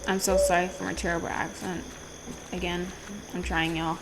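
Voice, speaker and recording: A woman's voice: on the low side, flat delivery, normal speed, a little hiss or hum, low-quality recording. A woman hosting a let's play, commenting casually and thinking aloud as she works through a game. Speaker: gaming channel host.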